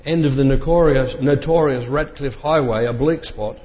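A man reading an old memoir aloud in a measured voice, breaking off now and then for plain asides. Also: mid-range voice. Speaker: reader. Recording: dull lo-fi sound with long reverb.

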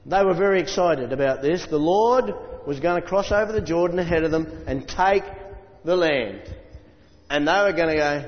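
A man preaching a sermon, chatting to the congregation with asides and reading scripture aloud, slowing down for emphasis. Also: a little high. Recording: dull sound with long reverb in a hall.

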